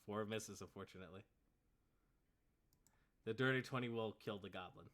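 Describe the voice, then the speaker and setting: A man's voice: fairly low pitch, normal speed, fairly bright tone. A man narrating as game master of a tabletop game, laid-back and full of fillers.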